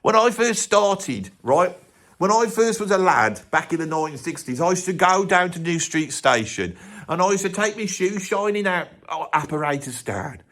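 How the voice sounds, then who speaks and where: A man plays a cocky, opinionated Birmingham bloke in his sixties with a thick Birmingham accent, ranting straight to camera in a comic monologue. He swears freely, stumbles and restarts mid-sentence, and his voice sits a little higher than most men's. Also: animated, moderate pace, a bit bright. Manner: blustering rant, swears constantly, stumbles and restarts. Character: opinionated older Birmingham bloke, blustering, boastful. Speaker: comedy character ranting to camera. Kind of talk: comedic character monologue.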